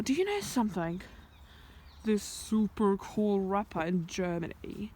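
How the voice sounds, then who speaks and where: A woman's voice: medium pitch, very animated, unhurried, dark tone. A young woman chatting nervously to the camera while walking on a rural hill, often dropping to a whisper. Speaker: vlogger. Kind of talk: casual walking vlog. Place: outdoors on a rural hillside. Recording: noisy outdoor recording.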